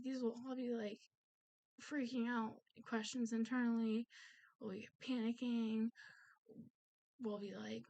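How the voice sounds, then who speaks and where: A woman's voice: on the high side, a little mellow. A woman talking candidly in a personal vlog, earnest and confiding, often trailing off with fillers. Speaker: vlogger. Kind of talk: personal vlog, candid talk about mental health.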